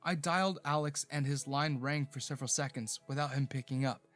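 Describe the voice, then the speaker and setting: A man giving a scripted first-person narration of a romance story, steady and even. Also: mid-range voice, a little fast, soft background music.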